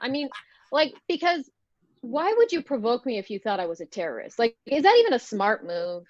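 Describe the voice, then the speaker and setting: A woman performing a stand-up comedy set, with a dry, deadpan delivery over a video call. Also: on the high side, fairly quick, dry recording. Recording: dull, slightly lo-fi sound.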